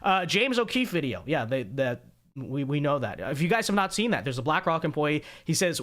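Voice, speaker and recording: A man's voice: mid-range voice, big pitch swings, a little fast, fairly bright tone. A man hosting a political commentary livestream, talking in a sarcastic, mocking way with joking asides. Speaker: host.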